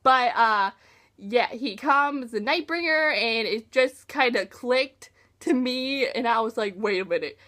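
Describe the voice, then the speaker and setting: A woman's voice: on the high side, slow pace, pushed and bright. A young woman talking casually and emotionally about a book she read, gushing and using slang. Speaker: book reviewer. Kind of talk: casual book talk vlog.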